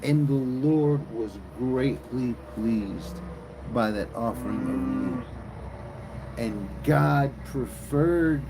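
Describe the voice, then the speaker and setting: Gravelly, profane male storyteller. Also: medium pitch, noisy background. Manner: profane, slangy, animated storytelling. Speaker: streamer. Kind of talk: comic retelling of a bible story.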